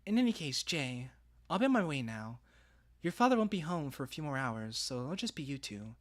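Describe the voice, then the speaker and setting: A man's voice: fairly high pitch, very animated, fairly quick. A man putting on a Southern US accent to voice a teasing Texan stepmother in a visual novel, with a drawling, motherly manner. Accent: Southern US, put on.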